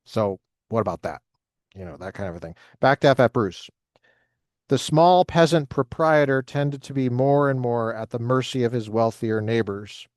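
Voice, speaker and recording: A man's voice: mid-range voice, normal speed, darkish tone, no room sound, studio quality. Man reading aloud with wry asides. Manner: reads passages with joking asides. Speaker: lecturer reading from a history book.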